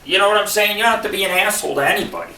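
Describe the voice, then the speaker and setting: With a racing delivery and a sharp, high voice, a radio host from Buffalo spins meandering, profanity-laced stand-up style tales. The recording is echoey and distant from the mic, with slight background noise.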